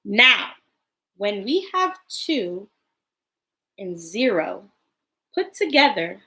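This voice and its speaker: A young woman teaching a livestream lesson to small children, slow and sing-song, drawing out words. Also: mid-range voice, big pitch swings, fairly bright tone. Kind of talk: early-grade livestream lesson.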